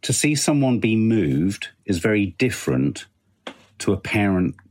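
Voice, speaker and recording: A man's voice: lowish voice, sing-song, measured pace, a little mellow. A middle-aged British man co-hosting a podcast, musing thoughtfully in casual chat. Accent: British English. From Britain. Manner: thoughtful, musing, with many fillers. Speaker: podcast co-host.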